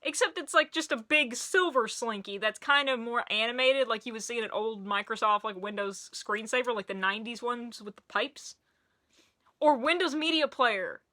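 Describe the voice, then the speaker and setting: A young woman with a Middle Tennessee accent, animatedly reviewing music in a casual video and laughing often. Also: on the high side. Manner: animated, laughing, quick bursts of excitement.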